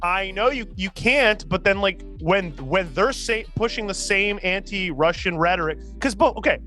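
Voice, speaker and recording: A man from Canada co-hosting a casual political chat, excitable, swearing often and restarting his sentences. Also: sits high, moderate pace, soft background music. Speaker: podcast co-host.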